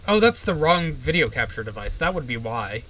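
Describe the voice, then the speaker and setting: A man's voice: medium pitch, big pitch swings, a little fast, a bit bright, far from the mic, poor audio. A man in his forties hosting a casual livestream, muttering to himself as he fixes his settings. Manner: muttering to himself while fixing stream settings. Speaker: livestream host.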